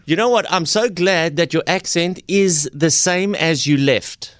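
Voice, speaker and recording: A man's voice: on the high side, a little slow, fairly bright tone, dry recording, clean studio sound. A South African man hosting a radio show, friendly and joking with an old friend. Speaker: radio host and comedian. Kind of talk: casual radio interview.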